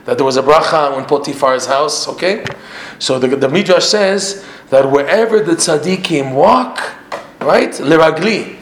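A man teaching a religious class to his regular students, animated, firing off rhetorical questions and often repeating himself. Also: mid-range voice, a little hiss or hum. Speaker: Torah teacher. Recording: echoey room, faint ambience.

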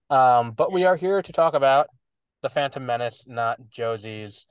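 A man's voice: mid-range voice, clean tone, no echo, poor audio. Podcast co-host, male, faint lisp, loose rambling delivery, dry close mic. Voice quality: slight lisp. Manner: rambling, restarts sentences, laughs often. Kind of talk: casual chat.

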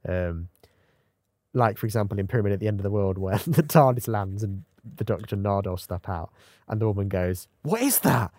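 A lower-pitched man co-hosting a podcast, talking casually about favourite moments and quoting lines with bursts of laughter. The sound is dry and close, with no room around it. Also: a little fast, mellow, dry recording. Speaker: podcast co-host.

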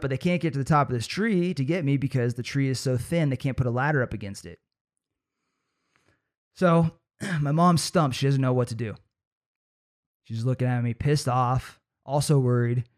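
A young man hosting a motivational podcast, telling stories in a casual way, laughing often and acting out what his family said. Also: medium pitch. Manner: acts out quoted voices of family. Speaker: podcast host.

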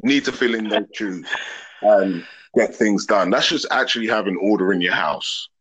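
A man's voice: fairly low pitch, moderate pace, a bit bright, slightly rough, poor audio. A man, a podcast guest talking openly and earnestly in long reflective thoughts. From England. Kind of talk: open casual conversation.

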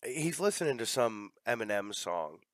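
A man's voice: mid-range voice, big pitch swings, moderate pace, no echo. Rambling, profane man, dry sound. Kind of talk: casual chat.

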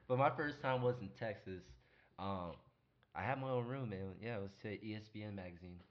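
A man's voice: on the low side, a little fast. A young man hosting a casual chat, telling crude stories and acting out quotes with lots of swearing. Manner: animated, swearing, acts out quotes loudly. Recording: dull lo-fi sound.

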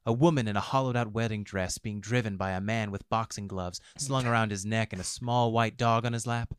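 A man narrates a story with wry, expressive timing. His voice sits on the low side and the sound is close and dry, with no room around it. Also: fairly quick, clean tone, no room sound. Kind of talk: audiobook fiction narration.

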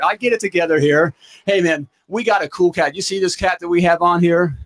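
Excitable man hosting a live show. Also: on the high side. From United States. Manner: excitable, hyped-up, stumbles over his words. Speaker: host of a plumbing business livestream.

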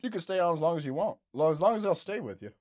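A man's voice: fairly high pitch, lively intonation, very fast, a little mellow, no room sound, studio quality. A man hosting a prank call podcast, joking and laughing often in casual banter. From New York City.

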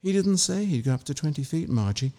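A man's voice: fairly high pitch, sing-song, fast, warm tone. A timid young woman in love confides her secret in a light, lifted voice, as a man reads her part. The voice stays plain and close to the reader's own. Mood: confiding.

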